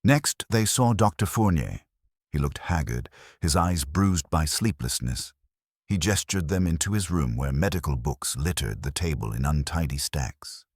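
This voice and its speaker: A man giving scripted narration of a mystery in a measured storytelling manner. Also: a bass voice, expressive, breathy edge, dry recording, clean studio sound.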